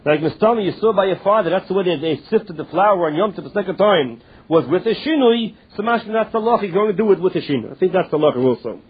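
This Talmud teacher speaks quickly in a high, husky voice with lively intonation. He works through the text line by line, explaining it in English and frequently starting over, all heard through thin phone-line sound.

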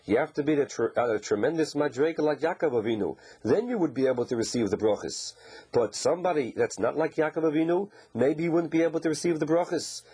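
A man's voice: fairly high pitch, fast, dark tone, breathy edge, poor audio. A man giving an informal Torah lesson, posing questions and then answering them in a conversational, explaining way. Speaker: Torah teacher.

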